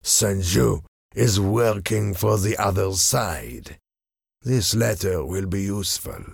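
A cunning, cruel masked villain, put on by a man reading a storybook. He speaks low, slow and menacing, with a commanding tone. His voice is gravelly and dry. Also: expressive, no echo, heavily acted.

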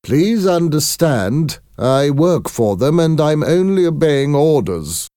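A man's voice: on the high side, sing-song, dark tone, dry recording, clean studio sound, voice pushed up. A man doing a stiff, nervous company messenger. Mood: formal. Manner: slow, stiff and formal.

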